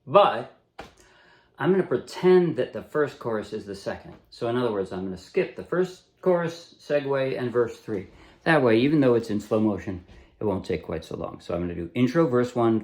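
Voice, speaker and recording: A man teaching a ukulele song in a relaxed, casual way. He often stops to correct himself and apologize. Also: medium pitch. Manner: relaxed, self-correcting, apologizes when he slips. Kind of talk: casual tutorial explanation. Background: ukulele playing.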